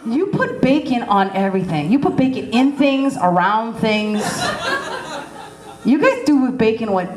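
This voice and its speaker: A woman's voice: on the high side, very animated. A woman comedian performing a brash, punchy stand-up set on a club stage. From United States. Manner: brash, rapid, punchy delivery with character voices. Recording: echoey club with faint noise.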